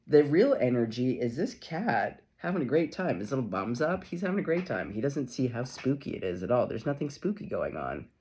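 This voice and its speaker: Animated middle-aged man reading tarot. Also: mid-range voice, a little fast, few pauses. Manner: animated, chatty, laughing often, playful asides. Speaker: tarot reader. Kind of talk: casual tarot reading to camera.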